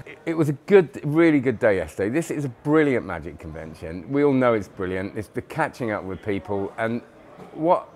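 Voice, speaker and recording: Tired rambling man, low voice. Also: a little fast. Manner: rambling, enthusiastic, many fillers and restarts. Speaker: magic product reviewer. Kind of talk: casual vlog chat. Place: magic convention hotel.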